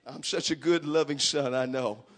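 A middle-aged man preaching a fervent sermon, building to shouts in a chanting cadence. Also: fairly high pitch, moderate pace. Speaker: pastor. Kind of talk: impassioned sermon.

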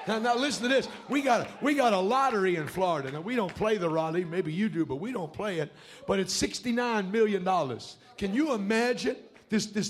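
High-voiced shouting preacher. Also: male voice, lively intonation, fairly quick. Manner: fiery, shouting preacher with repeated calls of hallelujah. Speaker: pastor. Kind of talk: shouted revival sermon. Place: church sanctuary.

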